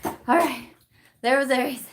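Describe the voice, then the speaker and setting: A woman's voice: high-pitched, steady tone, unhurried, noisy background. Chatty young woman on a live stream. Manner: chatty and rambling, laughs often. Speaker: vlogger hosting a live chat. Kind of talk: casual live-stream chat. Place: at home in the evening.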